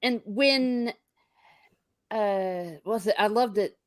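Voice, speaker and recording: A woman's voice: medium pitch, slow, no echo, clean studio sound. A woman co-hosting a casual chat, rambling along with lots of fillers. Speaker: podcast co-host.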